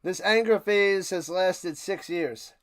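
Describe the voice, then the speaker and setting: A man's voice: high voice, takes it slowly. A man hosting a live game watch party stream, calling plays and ranting sarcastically to his chat. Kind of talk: live play-by-play and casual rant.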